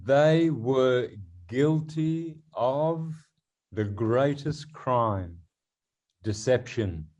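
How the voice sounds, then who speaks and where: A man appearing as a guest in a podcast interview, speaking in a preachy, dramatic way with slow emphasis. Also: mid-range voice, lively intonation, a little mellow.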